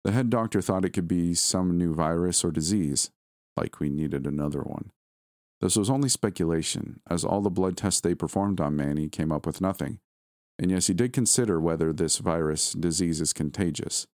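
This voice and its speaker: A man reading a first-person horror story aloud in a steady, somber storytelling manner. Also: deep voice, moderate pace, no room sound, studio quality. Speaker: narrator. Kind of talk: scripted horror story narration.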